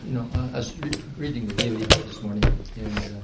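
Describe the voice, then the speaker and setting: A man with a lowish voice takes part in a group Bible study, speaking haltingly and repeating words. He is heard in an echoey room with loud background noise. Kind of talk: casual group discussion. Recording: noisy, roomy amateur recording.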